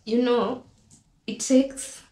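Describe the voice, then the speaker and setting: Tearful woman vlogger, very slow and halting, mellow dark tone, echoey room. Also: on the high side, steady tone. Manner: halting, emotional commentary to viewers. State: tearful, holding back crying.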